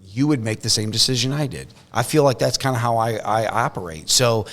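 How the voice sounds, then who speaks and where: A podcast host chats casually in a mid-range, brisk, slightly bright voice. He rambles, restarting often and leaning on lots of fillers.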